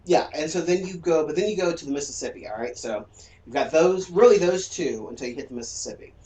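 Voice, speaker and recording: A man's voice: a little high, expressive, quick pace, dark tone. A man with a Southern US accent, chatting casually and lecturing with jokes as a game streamer. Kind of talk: casual chat. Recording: roomy echo from a distance.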